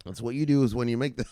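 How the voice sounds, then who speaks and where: A man's voice: medium pitch, mellow, dry recording, studio quality. A man hosting a crypto news show who rants casually and profanely, laughing and acting out scenes. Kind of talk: casual rant.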